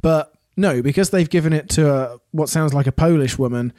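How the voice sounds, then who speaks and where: A man co-hosting a podcast review in casual chat, quick and jokey, laughing often. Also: on the high side, mellow, no echo, clean studio sound. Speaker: podcast co-host.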